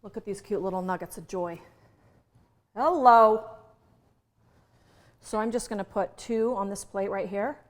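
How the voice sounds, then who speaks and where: A woman's voice: mid-range voice, steady tone, brisk, few pauses, darkish tone. A woman chef teaching a recipe in a kitchen, chatty and playful with jokey asides. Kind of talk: casual home cooking demonstration.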